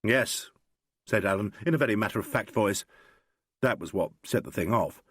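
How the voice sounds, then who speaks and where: A man reading an audiobook, voicing a calm, dry-humoured male detective who talks in a matter-of-fact way. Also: fairly low pitch, normal speed, breathy edge, no room sound.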